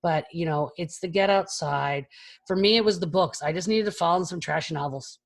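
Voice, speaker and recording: A woman's voice: fairly low pitch, brisk. Frank, chatty woman speaking on a video call. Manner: frank, chatty, swears casually. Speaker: keynote speaker. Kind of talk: candid talk to an online audience.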